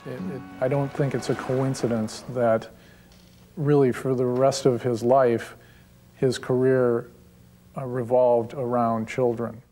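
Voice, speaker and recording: Flat-toned man in an interview. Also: medium pitch, unhurried, faint music behind. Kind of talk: documentary interview.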